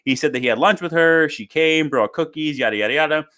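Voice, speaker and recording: Animated man co-hosting a podcast. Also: a little high, fast. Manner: animated, reads aloud from articles and tweets. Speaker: podcast co-host. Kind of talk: casual podcast discussion.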